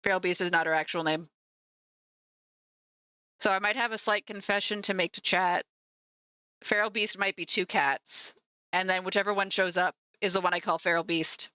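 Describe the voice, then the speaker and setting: A woman's voice: on the low side, fairly even intonation, normal speed, pauses often, bright, forceful tone, smooth, no room sound. A woman streaming as she paints miniatures, chatting casually and teasing her cat at home. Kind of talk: casual live-stream chat.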